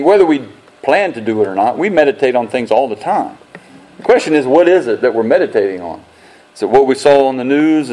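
A male pastor delivers a sermon in a relaxed, folksy manner. He talks to the congregation as if chatting, with homespun comparisons and dry joking asides. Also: medium pitch, low-quality recording.

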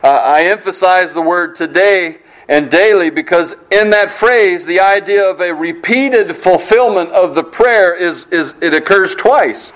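A man delivers a sermon in an earnest, steady preaching voice that sits a little high for a man. He repeats key phrases and slows down to stress them, building his points one by one. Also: poor audio. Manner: earnest, repetitive preaching with emphatic slow phrases. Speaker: pastor.

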